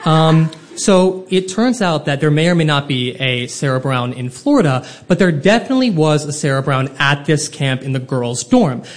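A man telling a personal story live on stage, with comic, self-deprecating and animated delivery. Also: on the high side, normal speed, hardly any pauses.

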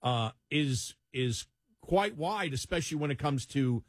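A man's voice: on the high side, lively intonation, a little slow, no echo, studio quality. A man with a Buffalo accent hosting a talk radio show in casual chat.

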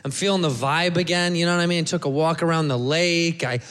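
A man's voice: a little high, fairly even intonation, a little fast, fairly bright tone. A man doing a crude, playful stand-up set who acts out other people's voices. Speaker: stand-up comedian. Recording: hall reverb, faint noise.

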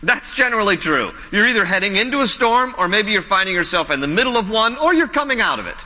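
A man's voice: high-pitched, big pitch swings, quick pace, pushed and bright, big-room sound. A man preaching a sermon as a pastor, earnest and conversational, often repeating his points. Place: church sanctuary.

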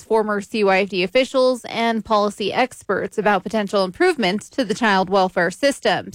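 A woman reports a news story for radio in a clear, formal delivery. Her voice sits somewhat high. The sound is close and dry. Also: no echo.

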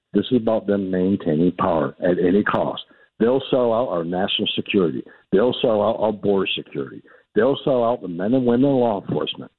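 Blunt deep-voiced man on a tinny phone line. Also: slightly rough, dry recording. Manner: blunt, repetitive, defiant, restarts often. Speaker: radio guest, immigration official. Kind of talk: combative radio interview.

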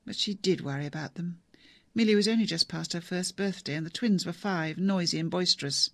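A narrator reading a novel aloud in a measured, even storytelling manner. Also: mid-range voice, vocal fry, no room sound. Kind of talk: audiobook narration.

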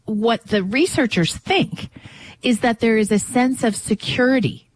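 A woman's voice: a little high, unhurried, no echo. A woman hosting a call-in radio show, chatting about a topic and putting questions to her listeners and callers.

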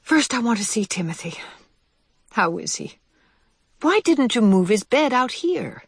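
A woman voicing a caring mother mouse who speaks gently and soothingly, in a storybook reading. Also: a little high, very animated, measured pace, gravelly, breathy edge, dry recording, clean studio sound, voice pushed up, full character voice. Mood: gentle. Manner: gentle, soothing, trying to sound casual.

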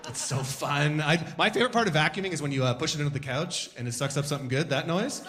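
A man doing a stand-up set on stage before a live audience, animated, breaking into shouted voices and sound effects. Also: fairly high pitch, fast talker, background noise. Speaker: stand-up comedian.

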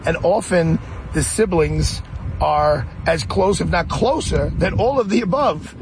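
A man's voice: a little high, a little slow, a little hiss or hum, low-quality recording. A middle-aged man hosting a radio interview, effusive and talking over his guest. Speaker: radio host. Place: high-floor room, then a golf course.

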